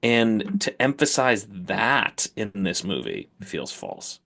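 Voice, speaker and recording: Opinionated low-voiced male co-host. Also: sing-song, slow pace, gravelly, a bit bright. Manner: opinionated, emphatic, with repeated words. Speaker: podcast co-host. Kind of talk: casual film discussion.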